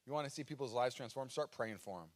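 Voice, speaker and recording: A man's voice: medium pitch, fast talker. An American man in his thirties, a pastor giving a sermon live in a church, telling stories and acting out his own cries. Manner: animated storytelling with dramatic acted-out cries. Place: church auditorium. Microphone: live stage microphone.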